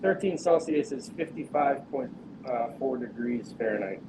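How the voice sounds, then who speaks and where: A man's voice: medium pitch, expressive, normal speed, background noise. A man co-hosting a casual livestream who talks bluntly and swears offhandedly.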